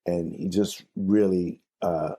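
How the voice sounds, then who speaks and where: Interview guest: older jazz singer from New York, deep husky voice, lively rambling storyteller. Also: male voice, takes it slowly. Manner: animated, laughing storyteller with restarts.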